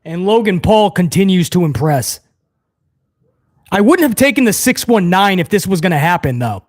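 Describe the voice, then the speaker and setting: In a high-pitched, sing-song voice at normal speed, the host of a wrestling review show rants to his chat during a live watch-along. The tirade is heated and full of swearing.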